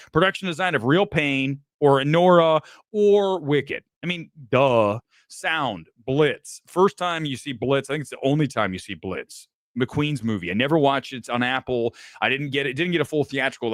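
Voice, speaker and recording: A man hosting a live film review show, giving blunt, opinionated takes in quick fragments, often profane and mocking. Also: a little high, fairly bright tone, no echo, studio quality. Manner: talks in quick fragmented lists. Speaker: movie review show host.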